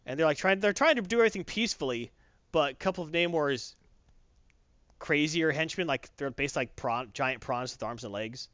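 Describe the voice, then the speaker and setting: A man casually recapping a comic book story on a podcast, acting out the characters' lines in quick voices. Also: on the high side, lively intonation, fairly bright tone, clean tone, no echo. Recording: dull lo-fi dry recording.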